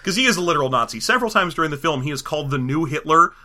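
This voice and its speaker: A man's voice: a little high, animated, racing, pushed and bright. A man co-hosting a casual film review chat, sarcastic and mocking, acting out scenes in silly voices. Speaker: podcast co-host reviewing a film.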